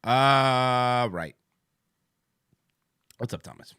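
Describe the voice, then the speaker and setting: A man's voice: mid-range voice, lively intonation, very slow, bright, forceful tone, smooth, no room sound, studio quality. A man hosting a comedy podcast, riffing sarcastically and swearing freely. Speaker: podcast host. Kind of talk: comedic commentary.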